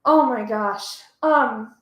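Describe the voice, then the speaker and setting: A woman's voice: a little high, very slow, a bit bright, roomy sound. A woman hosting a reading stream, chatting casually and reading out chat messages, easily moved. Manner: chatty, emotional, reads chat aloud. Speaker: livestream host.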